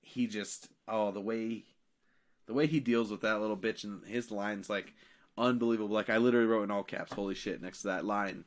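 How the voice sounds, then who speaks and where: A man's voice: fairly low pitch, fairly even intonation, fairly quick. A man co-hosting a podcast, chatting casually and animatedly about a TV show, acting out lines and swearing freely. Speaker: podcast co-host. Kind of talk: casual chat recapping a TV show.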